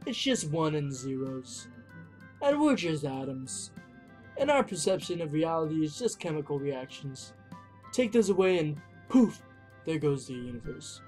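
A player doing a calm, deep-thinking young bear guy. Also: a little slow, soft background music. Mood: calm, matter-of-fact. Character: calm, thoughtful young male bear friend. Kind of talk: reading game dialogue aloud.

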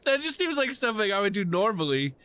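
A man's voice: high voice, big pitch swings, fast talker, pushed and bright, clean tone. A man doing playful let's-play commentary, chatting with game characters and laughing along. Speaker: gaming YouTuber. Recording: faint background game music.

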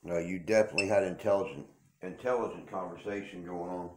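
A man investigating a haunting, reacting excitedly and reading words off a device. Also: sits low, quick pace, distant mic. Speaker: paranormal investigator. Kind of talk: reacting during a ghost hunt. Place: old log cabin museum indoors. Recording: roomy, noisy field recording.

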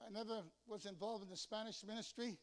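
An older man preaching a sermon as pastor, telling lively stories and acting out the voices of the people in them. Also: high-pitched, quick pace. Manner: storytelling, animated, acts out voices in anecdotes. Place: church sanctuary.

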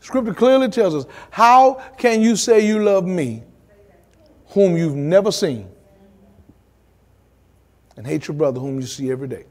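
Lively preaching pastor, high voice. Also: male voice. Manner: preachy, dramatic pauses, acts out quotes, colloquial asides. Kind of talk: Bible study sermon. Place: church.

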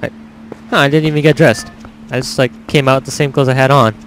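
A man's voice: medium pitch, steady tone, brisk, fairly bright tone, low-quality recording. A young man hosting a let's-play, chatting upbeat to his viewers. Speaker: gaming channel host. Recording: game music behind.

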